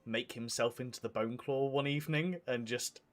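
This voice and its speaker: A man's voice: mid-range voice, moderate pace, a little hiss or hum. Laid-back man describing his character. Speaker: player. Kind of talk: casual tabletop play.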